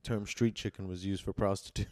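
A man's voice: low-pitched, fairly even intonation, a little fast, a little mellow, no room sound, studio quality. Joking, swearing male podcast co-host. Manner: joking, profane, self-mocking. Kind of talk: casual chat.

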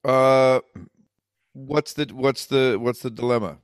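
A man with an ordinary middle-pitched voice talks eagerly in casual podcast chat. The recording is dry and close, with no room sound. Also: steady tone, takes it slowly, smooth, no echo. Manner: enthusiastic and admiring. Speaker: podcast co-host.

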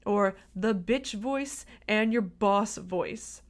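An upbeat woman hosts her own podcast, chatting directly to listeners like a coach. Her voice sits in a mid pitch, and she sounds friendly and encouraging. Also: extremely slow. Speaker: podcast host and dietitian. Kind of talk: solo podcast talk.

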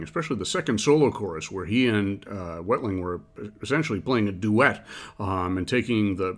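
Man, jazz radio host, relaxed commentary, lively ups and downs in pitch.

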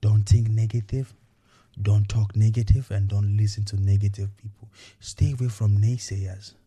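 A man with a low, very dark and mellow voice hosts a motivational podcast. He speaks earnestly and repeats himself as he coaches his listeners, often checking in with an "okay" or a "you know." The delivery is unscripted and conversational. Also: level tone, normal speed, husky. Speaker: podcast host.

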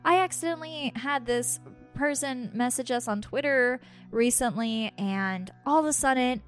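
A woman on a podcast tells personal stories in a casual, animated way, slipping into quoted voices as she goes. Her voice sits a little high. Faint music plays underneath. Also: moderate pace. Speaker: podcast co-host and medium. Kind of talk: casual storytelling chat.

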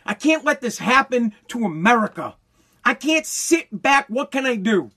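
A man's voice: very high-pitched, very animated, normal speed, pushed and bright. A man delivers a fired-up podcast rant from his basement. He swears freely, circles back on his own words, and trips over restarts as he pushes his point. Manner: heated, repetitive, profane, stumbling restarts. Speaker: podcast host. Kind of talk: ranting podcast monologue. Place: home basement.

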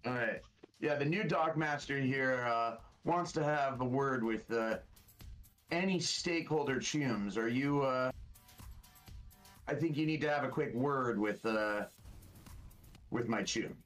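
A man's voice: mid-range voice, a little slow, pauses often, fairly bright tone, soft background music, poor audio. A man taking part as a player in a tabletop game, speaking hesitantly with many fillers. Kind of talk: in-character tabletop play.

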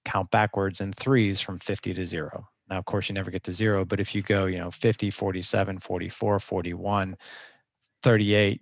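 A man's voice: fairly low pitch, no echo, studio quality. A man speaking as a guest coach in a conversational interview, earnest and instructive, often restarting his sentences.

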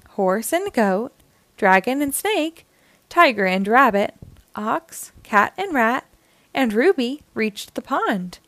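A woman hosting a children's storytime, reading a picture book aloud in a slow, expressive and melodic way. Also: a little high, dry recording. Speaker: storytime host.

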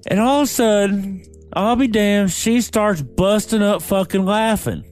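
Married male co-host, higher voice, crude, animated storyteller, faint music behind. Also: unhurried. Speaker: podcast co-host. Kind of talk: casual podcast chat.

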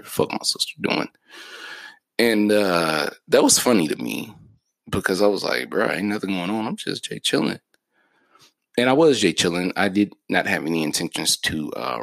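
A low-voiced man in his thirties with a gravelly, fry-heavy edge, hosting his own podcast. He tells his stories in a loose, joking, laid-back way, swearing freely. The sound is close and dry. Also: a bit bright, no echo. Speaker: podcast host. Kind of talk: casual solo podcast storytelling.

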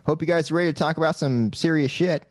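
A man co-hosting a casual podcast, joking sarcastically and swearing as he banters. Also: a little high. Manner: rapid, sarcastic, mock-serious joking, swears. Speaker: podcast co-host. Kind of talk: casual livestream chat.

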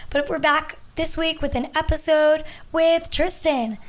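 Hoarse young woman chatting on a podcast. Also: sits high, fairly even intonation, measured pace, hardly any pauses. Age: 20s. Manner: chatty and rambling, lots of ums and likes. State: hoarse, losing her voice. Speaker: podcast host. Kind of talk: casual podcast chat. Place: at her family home. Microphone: podcast microphone.

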